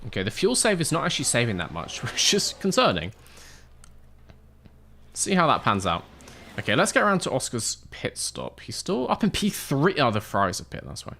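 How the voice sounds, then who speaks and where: A male streamer chats loosely as he plays a racing management game, reading out chat and laughing at his own jokes. His voice sits at a middle pitch but swings up and down with a lively, animated tone. He speaks into a close desk microphone fitted with a pop filter. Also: brisk, gravelly. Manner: jokey, laughs often, reads chat aloud. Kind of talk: casual live-stream chat and game commentary.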